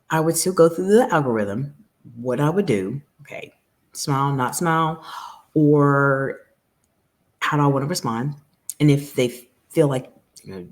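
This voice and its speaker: A woman's voice: low voice, a little mellow. A woman coaching professional women on communication, speaking straight to her viewers in an earnest, advisory way. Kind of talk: direct-to-camera coaching talk.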